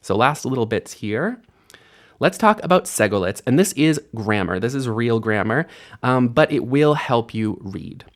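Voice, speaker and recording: Man teaching a relaxed video lesson. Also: medium pitch, a little slow. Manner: friendly explainer, drills words by repeating them with stress. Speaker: Hebrew teacher. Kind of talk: casual online language lesson.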